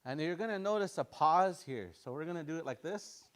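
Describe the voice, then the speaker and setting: Guy teaching a language class, kinda high voice, says sounds over and over, chuckles a lot. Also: lively intonation. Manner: explains slowly, repeats sounds aloud for practice, chuckles often.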